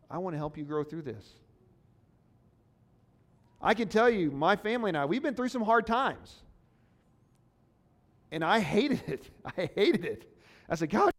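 His voice sits high with a fairly bright tone as this pastor delivers an earnest, conversational sermon. He puts rhetorical questions to the congregation.

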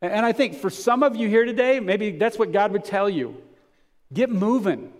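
A pastor preaching a sermon to his congregation in a conversational way, swelling to emphatic points and dropping to softer reflective stretches. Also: sits high, brisk. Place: church before a congregation.

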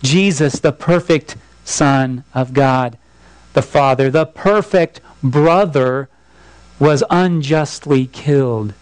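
A man's voice: on the high side, no room sound, poor audio. A male pastor preaching a sermon, earnest and pleading, with repeated appeals.

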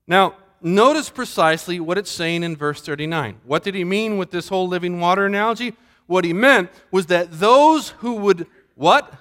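Preaching man in a reverberant hall. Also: normal speed. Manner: animated preaching with rhetorical questions, dropping low and soft. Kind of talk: sermon.

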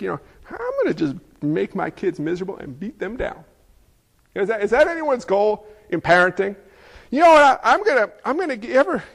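A middle-aged man preaching a sermon in an animated, conversational way, with frequent asides to the congregation. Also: sits high, in a large hall. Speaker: pastor.

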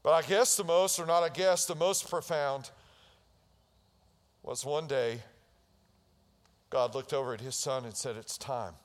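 Man preaching an animated sermon. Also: fairly high pitch, measured pace, pauses often, in a large hall. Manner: storytelling preacher acting out biblical scenes with rising intensity. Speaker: pastor.

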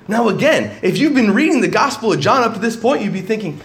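Male pastor, sermon, emphatic and conversational, lively pitch, echoey church. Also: a little fast. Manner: emphatic, conversational preaching with frequent restarts.

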